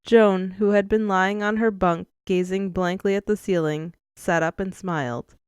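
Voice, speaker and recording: A woman narrating an audiobook in a measured, expressive storytelling manner, close to the mic. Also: medium pitch, smooth, no room sound. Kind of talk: scripted narration.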